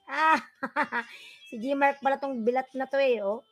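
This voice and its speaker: Loud Filipino woman vlogger giving shout-outs. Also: high-pitched. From Philippines. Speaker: livestream vlogger. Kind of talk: casual livestream chat reading comments.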